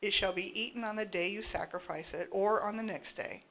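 Woman reading scripture with a gravelly voice. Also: mid-range voice, a little fast. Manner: steady, plain reading. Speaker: scripture reader.

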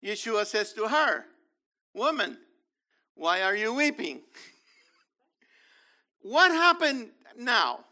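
A man's voice: sits high, big pitch swings, very slow, long pauses, pushed and bright. A man teaching from the Bible, reading verses aloud and explaining them with enthusiasm.

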